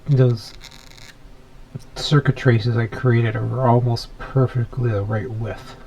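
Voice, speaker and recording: Man, casual workbench vlog, mid-pitched voice, thinks aloud, soft muttered asides, faint background noise. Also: fairly even intonation, slow pace, gravelly, muffled recording. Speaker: electronics hobbyist host. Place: home workshop.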